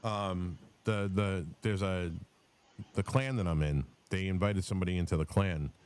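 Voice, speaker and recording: A man's voice: low-pitched, normal speed, darkish tone, clean tone. A man hosting a podcast who talks in a heated, profane way, telling stories and restarting his sentences. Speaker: podcast host. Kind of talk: casual political chat.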